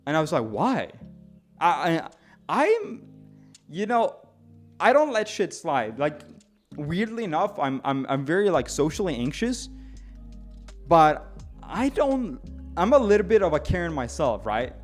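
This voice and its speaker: Non-native English-speaking male streamer, slightly tipsy, rambling and animated, stumbling over his words, faint music behind him. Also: a little high, measured pace, long pauses. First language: not English. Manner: rambling, animated, frequent restarts and stammers. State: slightly drunk. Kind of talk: casual storytelling to stream chat.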